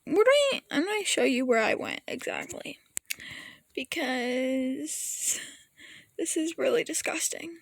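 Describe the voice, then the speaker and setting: Her voice sits high and is gravelly yet a bit bright, expressive and unhurried, with slight background noise behind it. The woman vlogs in a rambling, emotional rant, swearing casually, bursting into laughter and sometimes nearly tearing up.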